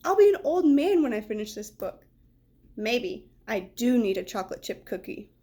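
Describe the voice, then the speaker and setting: A woman reads a children's book aloud in a fairly high voice. She stops now and then to point out what the pictures show. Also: sing-song, mellow. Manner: pauses to describe the pictures. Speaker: read-aloud storyteller.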